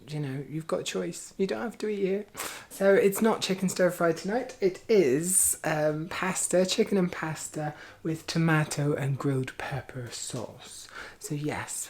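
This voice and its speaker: A man's voice: on the high side, a little hiss or hum. A man talking casually to camera at home, chatty and upbeat with plenty of filler ums. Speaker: vlogger and workplace trainer.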